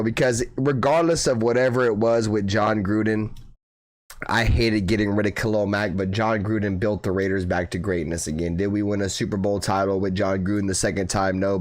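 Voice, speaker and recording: A man hosting a fan live stream, chatting casually with his viewers and swearing freely. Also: fairly low pitch. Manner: excitable, swears, bursts into loud mock wailing. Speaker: fan channel host.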